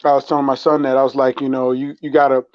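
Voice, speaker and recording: A man calling in to a casual chat, talking in halting bursts with many ums and restarts. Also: mid-range voice, flat delivery, dull audio. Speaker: caller.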